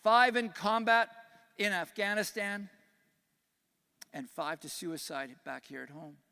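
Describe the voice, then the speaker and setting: A man's voice: high voice, lively intonation, a little slow, creaky, clean tone. An older Canadian man with a slight Texas twang, giving an earnest, folksy keynote speech at a conference. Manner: earnest, folksy, grows quiet on grave points. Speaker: conference speaker. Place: large conference hall. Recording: echoey hall.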